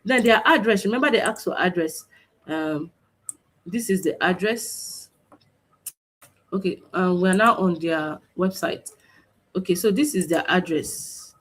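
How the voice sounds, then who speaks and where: A woman's voice: on the low side, measured pace, long pauses, slightly rough. A woman teaching an online class over a screen share, explaining step by step with many fillers and restarts. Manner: repetitive, stop-start explaining with many fillers. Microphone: computer mic on a video stream.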